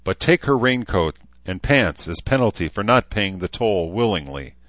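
A man reading a cruel, brutish male gang leader in a loud, taunting, threatening manner for an audiobook. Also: lowish voice, lively intonation, normal speed, no room sound, muffled recording.

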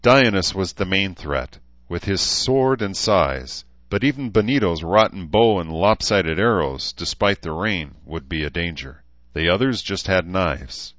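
Male audiobook narrator, deep voice, measured reading, muffled lo-fi recording. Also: fairly bright tone, dry recording. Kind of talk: scripted narration.

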